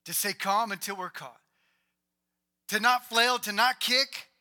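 A man preaching a sermon, swinging between loud emphatic lines and hushed, quiet ones. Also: high voice. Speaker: pastor.

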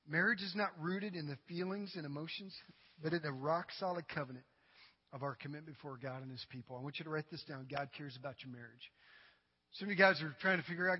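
High-voiced preacher man, dramatic and jokey with the crowd, echoing church hall. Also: animated, fast, breathy edge. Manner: dramatic, swings between loud cries and low asides; humorous, addresses the congregation directly. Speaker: pastor. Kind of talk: sermon. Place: church sanctuary. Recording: dull recording with long hall reverb.

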